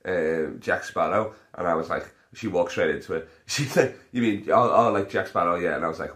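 A man's voice: deep voice, lively intonation, moderate pace, a bit bright. Sweary rambling man telling stories. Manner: rambling, sweary, laughs at own jokes. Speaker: podcast host. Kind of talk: casual storytelling monologue.

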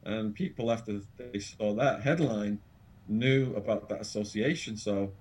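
A man with an English accent, an interview guest telling an animated, dramatic anecdote full of quoted voices. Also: fairly low pitch, unhurried. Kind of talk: storytelling anecdote.

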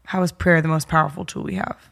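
Brief woman co-host, lower voice, attentive, asks questions. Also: level tone, fast talker, gravelly, fairly bright tone. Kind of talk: podcast discussion.

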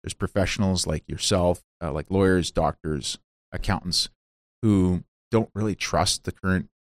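A man with a low voice hosts an interview show. He nods along, leans on fillers and often restarts his sentences. The recording is dry and close to the mic. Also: normal speed, dry recording. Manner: affirming listener, frequent fillers and restarts. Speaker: show host. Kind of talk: casual interview chat.

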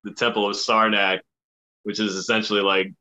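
A man's voice: on the low side, level tone, brisk, sharp tone, dull audio. A man, an animator who voices his own cartoon characters, chatting casually and laughing often. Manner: laughs often, loose rambling delivery. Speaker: animator and voice actor. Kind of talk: casual chat.

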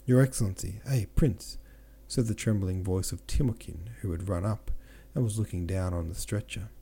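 Deep, dark-voiced man reading a novel. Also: moderate pace, slight background noise. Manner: steady reading with small slips and self-corrections. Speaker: audiobook narrator and podcast host. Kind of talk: novel read aloud.

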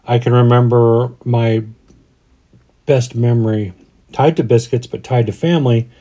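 This is a man in his forties, originally from Denver, chatting on a podcast. His voice is dark and mellow, sitting at an ordinary pitch. He wanders through his thoughts and restarts his sentences as he goes. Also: steady tone, unhurried. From Denver, USA. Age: 40s. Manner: rambling, restarts often, reflective. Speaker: podcast co-host. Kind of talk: casual chat.

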